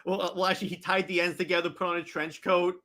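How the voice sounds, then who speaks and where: A man giving an excitable, rambling recap of a comic, full of restarts. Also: sits high, quick pace. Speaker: comic reader.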